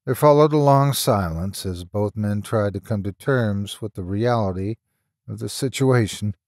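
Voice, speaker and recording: A man reading a horror audiobook aloud with a dramatic, measured delivery and slow pauses. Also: on the low side, darkish tone, no echo, clean studio sound. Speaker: audiobook narrator. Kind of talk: scripted horror audiobook narration.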